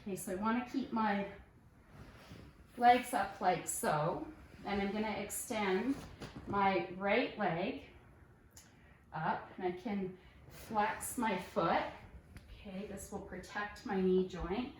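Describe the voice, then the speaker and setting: A woman fitness instructor guiding a yoga class with calm, encouraging step-by-step cues. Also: medium pitch, slow, long pauses, far from the mic, a little hiss or hum. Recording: echoey room, voice off-mic.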